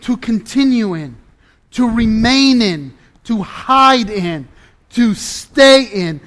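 A man preaching a sermon, deliberate and emphatic, dropping to a low, intense hush at times. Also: animated.

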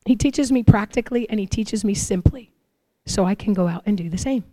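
A woman giving a sermon, telling lively personal stories and acting out her own prayers and the answers she hears. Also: mid-range voice, fairly quick, no echo. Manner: animated storytelling, acts out her own prayers and God's replies. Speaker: preacher.

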